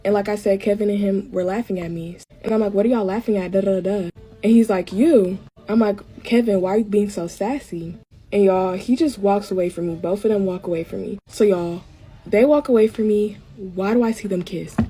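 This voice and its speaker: A young woman with a medium-pitched, dark, husky voice talks briskly over faint background music. Doing her makeup, she tells a get-ready-with-me storytime and chats casually with her viewers, repeatedly calling them y'all.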